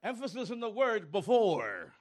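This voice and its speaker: A male pastor preaching a sermon, calling on the congregation and rising to shouts. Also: sits high, wildly swooping pitch, moderate pace.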